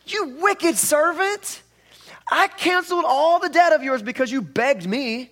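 A man's voice: very high voice, expressive, a little slow, pitched above the performer's own voice, exaggerated voice. A preacher voicing a furious older king who scolds his servant in a sermon story. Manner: shouting, stern and scolding.

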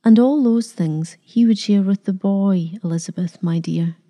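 A woman voicing a kindly old male vicar who speaks softly and gently. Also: mid-range voice, measured pace, lightly acted. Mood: gentle. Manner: soft, quiet and gentle.

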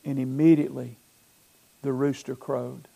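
A male pastor from North Alabama with a Southern accent, preaching a sermon in a church, retelling scripture with animated, emphatic bursts. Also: mid-range voice, moderate pace, vocal fry.

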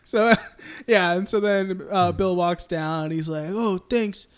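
A man's voice: high voice, clear, resonant tone. Casual man recapping film scenes. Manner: swears casually, recaps scenes, acts out characters in quick voices. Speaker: podcast co-host. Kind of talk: casual film podcast chat.

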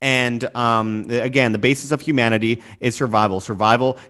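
A man hosting a talk show, speaking in a forceful, preachy way and swearing at times. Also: medium pitch, fairly even intonation, brisk. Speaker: show host. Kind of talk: impassioned commentary.

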